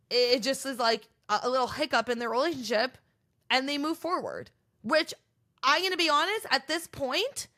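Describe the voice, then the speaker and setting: Brief: young female podcast host, high and bright, gossipy casual recap delivery. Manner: animated, gossipy, acts out quoted contestants.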